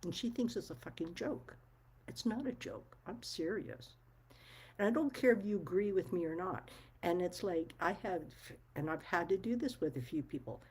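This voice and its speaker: A woman speaks candidly to her viewers in a casual monologue. Her voice sits low and mellow, with a husky edge. She is blunt and emphatic and curses freely as she makes her case. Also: animated, normal speed, low-quality recording. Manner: blunt, frank, swears freely; firm and emphatic. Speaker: vlogger.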